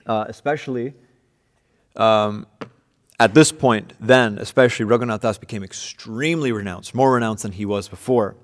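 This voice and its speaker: Casual low-voiced man teaching a class. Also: normal speed, big-room sound. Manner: casual, many fillers and restarts. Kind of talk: informal scripture class. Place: room with devotees present.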